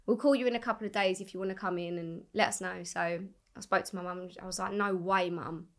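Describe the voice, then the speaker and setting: A young woman, a singer, telling her story in a casual interview, animated and swearing freely as she acts out what people said. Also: medium pitch, quick pace. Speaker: singer guest.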